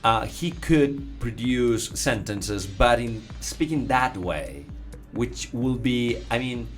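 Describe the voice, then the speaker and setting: Male host, hesitant, restarts a lot, mid-pitched, faint music under him. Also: lively intonation, slow. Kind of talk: casual interview.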